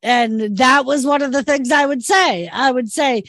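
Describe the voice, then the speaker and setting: A woman's voice: sits high, measured pace, hardly any pauses, fairly bright tone, no room sound. A woman from Massachusetts with a Massachusetts accent, chatting casually and telling stories, full of "like". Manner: chatty storyteller, frequent "like". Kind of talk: casual chat.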